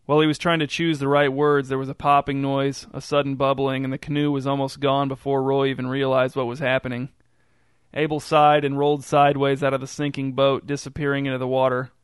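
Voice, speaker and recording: A man reading a short story aloud in an even, unhurried storytelling delivery. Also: medium pitch, clean tone, no echo, clean studio sound. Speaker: narrator. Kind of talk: scripted story narration.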